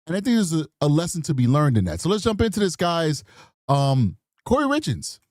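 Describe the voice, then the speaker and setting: A man's voice: fairly high pitch, sing-song, brisk, a little mellow, no echo. A man hosting a true crime show in casual, rambling commentary, chatty with apologetic asides. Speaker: true crime podcast host.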